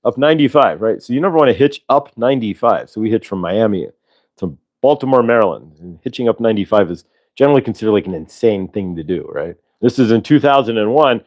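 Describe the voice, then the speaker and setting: A man's voice: lowish voice, animated, quick pace, darkish tone. A man hosting a casual livestream, rambling and tagging on "right?" as he talks. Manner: rambling, keeps adding "right?". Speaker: livestream host.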